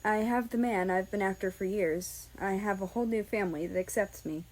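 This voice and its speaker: A woman reading aloud, voicing a fragile young man who speaks quietly and apologetically through tears. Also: mid-range voice, fairly quick, close to an everyday voice, poor audio. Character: fragile, tearful young man, the first-person hero. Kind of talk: fan fiction audiobook reading.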